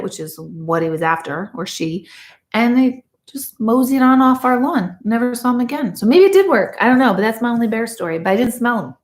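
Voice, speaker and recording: Brisk and a little high-pitched, this woman works as a medium and chats casually on a livestream, reading viewer comments as she goes. The sound is reverberant, and she's a rambling storyteller with lively asides.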